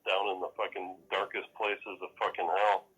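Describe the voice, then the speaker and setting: A man's voice: low voice, flat delivery, normal speed, a bit bright, husky, poor audio. A man in casual podcast chat, rambling, swearing freely and laughing as he acts out quotes. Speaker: podcast co-host.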